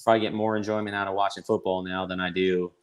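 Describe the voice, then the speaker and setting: A man's voice: sits low, flat delivery, quick pace. A man talking as a podcast guest over a video call, rambling and opinionated with many restarts. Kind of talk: casual chat.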